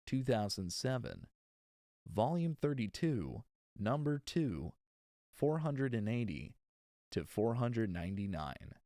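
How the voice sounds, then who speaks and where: A somewhat mellow, lowish male voice, recorded cleanly in a studio with no room sound. He's doing an audiobook on a livestream, reading slowly, retaking lines, and chatting with exasperated asides between takes.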